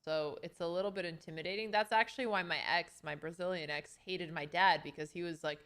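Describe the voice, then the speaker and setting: A woman's voice: lowish voice, steady tone, fast talker, fairly bright tone, smooth. A young woman hosting a livestream, chatting casually with a friend and greeting and thanking her viewers as she goes. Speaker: streamer host.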